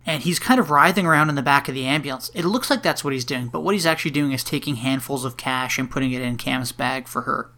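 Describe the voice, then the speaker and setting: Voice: mid-range voice, fast talker, few pauses, bright, forceful tone. A podcast co-host casually recapping a movie plot, rambling and profane, with frequent laughs.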